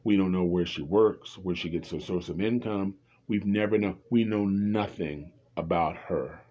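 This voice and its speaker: A man's voice: deep voice, normal speed, warm tone, dull audio. A man commenting on reality TV in a casual, rambling, opinionated way, often restarting his sentences.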